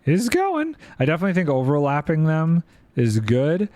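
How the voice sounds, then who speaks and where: A man's voice: on the high side, huge pitch swings, moderate pace, a little mellow, no echo. A man streaming a building game, chatting playfully and thinking aloud while reading chat. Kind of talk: casual gameplay commentary.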